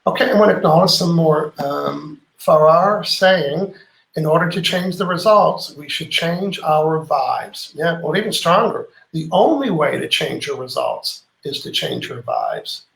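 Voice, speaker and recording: A middle-aged man hosts a live online show, chatting through viewer comments and telling lively stories, acting out each quoted line. His voice sits a little high with a gravelly edge. The room around him rings with echo. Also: measured pace. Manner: animated storyteller, acts out quoted lines. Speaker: host. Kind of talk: live-stream chat reading viewer comments.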